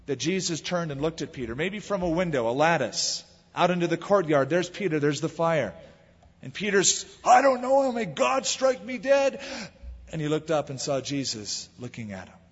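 A man's voice: on the high side, breathy edge. A man from the United States preaching a sermon, telling the story in a conversational, storytelling way and leaning into the quoted lines. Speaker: pastor. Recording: lo-fi recording in a reverberant hall.

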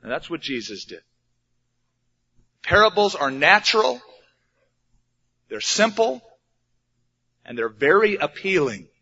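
Pastor, male, plain-spoken sermon delivery with rhetorical questions; forceful tone, muffled lo-fi recording. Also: on the high side, big pitch swings, slow pace, long pauses, slightly rough. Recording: dull lo-fi recording.

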